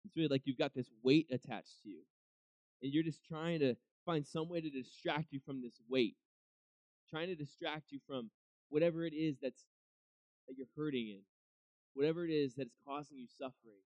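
A man's voice: a little high, normal speed, a little mellow, dry recording, highs cut off. A young man giving a casual devotional talk, conversational, often acting out what people might say to God. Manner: conversational, acts out quoted voices, many restarts. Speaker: preacher.

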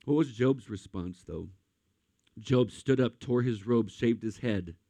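A man's voice: mid-range voice, measured pace, mellow, no room sound. Guy preaching, heartfelt story, talks right to the crowd, dry close sound. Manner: emotional storytelling, addresses audience as guys and friends. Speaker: pastor. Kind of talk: sermon.

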